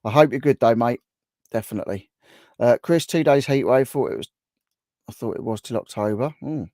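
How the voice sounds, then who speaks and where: A man's voice: mid-range voice, a little fast, mellow, dry recording, studio quality. Chatty English man hosting a livestream. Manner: chatty, greets viewers by name. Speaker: livestream host. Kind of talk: casual live chat.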